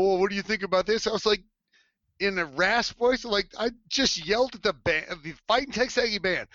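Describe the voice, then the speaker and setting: A man's voice: high-pitched, no echo, muffled recording. A man around forty telling a story in casual chat, laughing often and acting out other people's lines in changing voices. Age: 40s. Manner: animated, laughing, acts out quotes in shifting voices. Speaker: former cheerleader telling a story. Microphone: headset mic.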